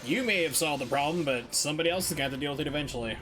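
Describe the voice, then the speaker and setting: Guy streaming a speedrun, just rambling casual chat, lots of filler, quiet game music under it. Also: a little high, racing. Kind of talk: casual chat while gaming.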